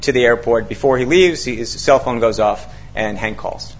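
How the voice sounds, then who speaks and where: A man of medium pitch and moderate pace, an author, tells an audience a long story, animatedly performing the quoted dialogue amid many fillers and restarts. The recording sounds dull and lo-fi.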